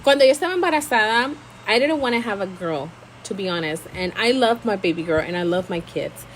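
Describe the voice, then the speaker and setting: A woman's voice: medium pitch, fast talker, slight background noise, rough recording. A woman, hosting a casual live stream, chatting expressively and switching freely between Spanish and English. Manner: expressive, laughs often.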